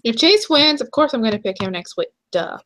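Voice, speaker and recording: A young woman co-hosting a casual chat show, chatty and quick to laugh. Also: on the high side, animated, pushed and bright. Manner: chatty, laughs easily, trails off and restarts. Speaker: podcast co-host.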